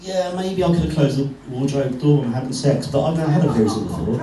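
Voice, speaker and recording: A man's voice: mid-range voice, animated, fast, mellow, a little hiss or hum. Man doing wry stand-up in a club. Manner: wry, self-deprecating storytelling with crowd work. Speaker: stand-up comedian. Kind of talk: stand-up comedy set. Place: comedy club. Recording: echoey club, far from mic, crowd.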